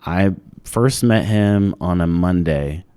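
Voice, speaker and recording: A man's voice: sits low, slow pace, dark tone, clean tone, no room sound, studio quality. A man, a stand-up comedian guest, telling stories in a laid-back, rambling way in casual podcast chat.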